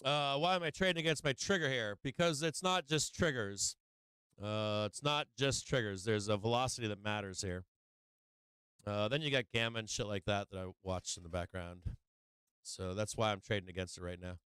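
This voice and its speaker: Brash male trading-stream host, low voice, smooth and close with a dry sound, swears constantly. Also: fairly quick, no room sound. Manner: profane, brash, excitable trash talk. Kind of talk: live market commentary.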